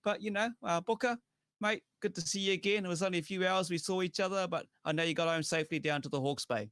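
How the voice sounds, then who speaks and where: A man's voice: high-pitched, quick pace, smooth, dry recording, studio quality. Chatty New Zealand man hosting a show. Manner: chatty, relaxed, thanks viewers by name, heavy on fillers. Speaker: show host. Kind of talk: casual podcast chat.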